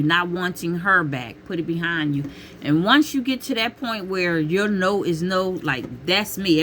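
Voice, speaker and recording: A middle-aged woman talking casually to camera with emphatic, expressive delivery, calling listeners honey and child and calling out to God. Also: medium pitch, slight background noise. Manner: peppers talk with exclamations to God. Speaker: vlogger giving relationship advice.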